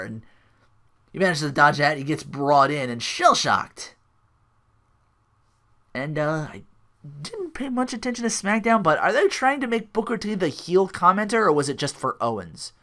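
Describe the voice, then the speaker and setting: A man's voice: a little high, big pitch swings, moderate pace, pushed and bright. A man hosting a solo podcast, recapping a wrestling show in a rambling way full of likes and restarts. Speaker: podcast host.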